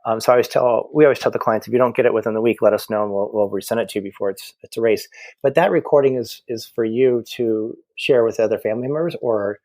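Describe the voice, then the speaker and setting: A man's voice: lowish voice, quick pace, darkish tone, no room sound. A man working as a medium, a podcast guest telling stories in a chatty way over a video call from home, often repeating his words. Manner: chatty storyteller, frequent repetitions. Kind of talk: casual conversation.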